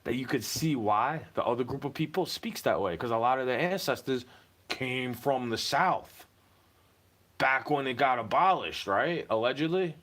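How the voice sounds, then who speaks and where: A man's voice: medium pitch, lively intonation, moderate pace, fairly bright tone. A young man ranting to camera in a heated, profane monologue, slipping into mocking put-on voices.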